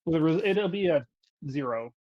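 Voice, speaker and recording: A man's voice: fairly high pitch, lively intonation, normal speed, darkish tone, no room sound, dull audio. A man narrating a tabletop game as game master, hesitant and full of fillers.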